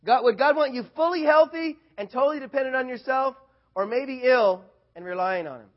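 A man preaching a casual sermon, animated, swinging from loud bursts to quiet asides. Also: very high voice, brisk, highs cut off.

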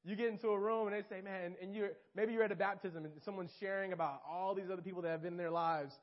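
A young man preaching an informal sermon, animated and talking straight to his listeners. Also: sits high, quick pace. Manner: animated, talks straight to listeners, acts out quotes. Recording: dull lo-fi recording.

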